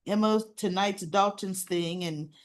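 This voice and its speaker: A woman's voice: medium pitch, a little slow. A woman giving a casual, chatty recap of a soap opera episode and briefly acting out the characters' lines. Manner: chatty, retells scenes and acts out the characters' lines.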